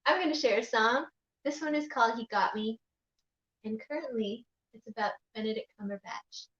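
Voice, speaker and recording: High-voiced upbeat woman hosting a livestream. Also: normal speed, fairly bright tone, reverberant, muffled recording. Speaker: host. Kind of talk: livestream show introduction.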